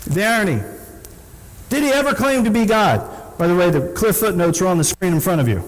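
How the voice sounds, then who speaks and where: A man's voice: big pitch swings, moderate pace. Pastor guy preaching, acts out the story voices, echoey church sound. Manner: acts out the speakers in the story with sudden high voices. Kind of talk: sermon. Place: church sanctuary. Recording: echoey church hall, faint noise.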